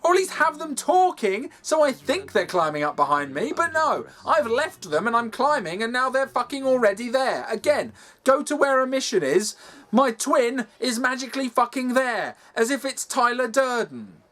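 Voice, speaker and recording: A man's voice: very high voice, very animated, moderate pace, a bit bright. A man ranting in a sweary, exasperated way as he reviews a game over gameplay, from his games room at home. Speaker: gaming video host.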